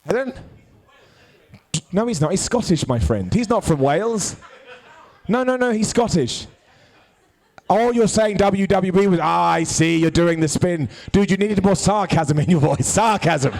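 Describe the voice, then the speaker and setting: Man, wrestling show host, live, bantering, gravelly fry, fairly high voice. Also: unhurried, pauses often. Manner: jokey, animated, bantering with hecklers. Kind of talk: live comedic wrestling review.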